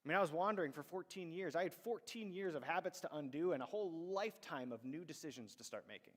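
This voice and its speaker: A man's voice: fairly high pitch, animated, quick pace, big-room sound. A man preaching a sermon in a conversational storytelling manner, acting out the voices of people in his stories. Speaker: pastor. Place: church sanctuary.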